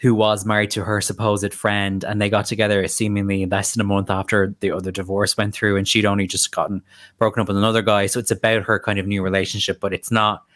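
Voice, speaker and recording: A man chatting as a podcast guest, full of quick asides and playful tangents. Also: on the low side, level tone, fairly bright tone. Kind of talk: casual podcast chat.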